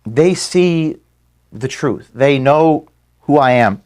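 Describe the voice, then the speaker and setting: A man close to tears giving a halting farewell address to his staff from an office room, repeating words and apologizing for his emotion. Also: fairly high pitch, animated, a little mellow.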